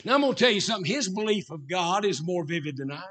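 A middle-aged man preaching a sermon as a Baptist preacher, swinging from shouted emphasis to low asides. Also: animated, fast talker.

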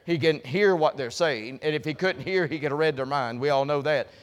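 A man preaching a sermon with folksy humor, swinging from quiet asides to loud, shouted emphasis. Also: fairly high pitch, brisk, big-room sound.

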